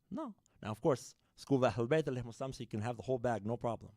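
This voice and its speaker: A man giving a sermon, telling a story to the congregation with lively shifts in loudness and addressing them as brothers and sisters. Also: mid-range voice, fast talker, no room sound, clean studio sound. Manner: animated, shifts loudness widely, addresses the audience directly. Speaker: speaker at a religious program. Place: mosque or community hall.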